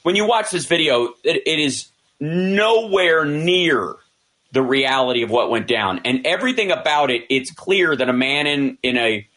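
In a casual discussion, a male commentator with a fairly high voice and normal speed animatedly recounts what happened. He acts out the quoted lines and frequently restarts, using plenty of fillers.

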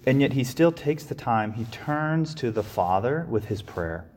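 A man's voice: mid-range voice, lively intonation, measured pace, darkish tone, long reverb tail, slight background noise. A man giving a reflective sermon, often restarting and repeating his phrases. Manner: reflective, with frequent restarts and repetitions. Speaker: preacher.

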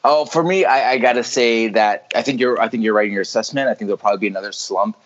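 A man co-hosting a casual sports chat, telling quick animated stories and swearing freely. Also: lowish voice. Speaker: podcast co-host. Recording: dull lo-fi audio.

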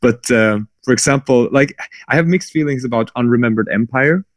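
A man's voice: mid-range voice, fairly quick, no echo. A man chatting casually about books, hesitant and musing, with many fillers.

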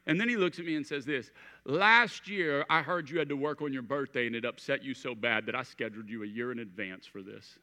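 A man in his thirties preaching a sermon, telling a personal story with acted-out dialogue and swinging between hushed and emphatic delivery. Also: mid-range voice, brisk. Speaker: pastor. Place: church auditorium. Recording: long reverb of a large hall.

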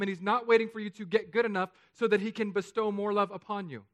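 A man preaching a sermon, telling stories with jokes and playful asides that turn hushed and solemn. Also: high-pitched, fast talker. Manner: animated, joking storytelling with hushed, solemn turns. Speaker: pastor.

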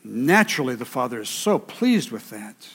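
A man's voice: mid-range voice, big pitch swings, moderate pace, fairly bright tone, husky. A man preaching a sermon with emphasis, repeating key phrases for weight. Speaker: pastor. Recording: reverberant hall.

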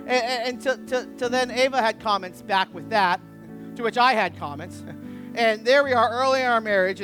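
A pastor giving a sermon. He tells a candid personal story with self-deprecating humor and speaks earnestly about confession. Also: high voice. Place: church service.

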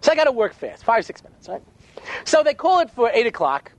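Fast, animated storytelling rabbi. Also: male voice, very high-pitched, dry recording. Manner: animated, quick asides, acts out voices. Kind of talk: humorous storytelling talk.

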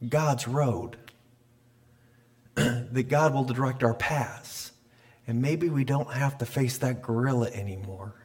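A man's voice: mid-range voice, darkish tone. Folksy man preaching a sermon. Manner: folksy storytelling, repeats and restarts phrases; clears throat often. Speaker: pastor. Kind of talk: conversational sermon. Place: church sanctuary.

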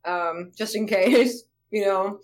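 A woman's voice: mid-range voice, slow pace. A woman co-hosts a casual podcast in a plain, everyday voice. She speaks frankly and laughs easily between remarks. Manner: plain-spoken, easy laughs. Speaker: podcast co-host. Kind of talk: casual chat.

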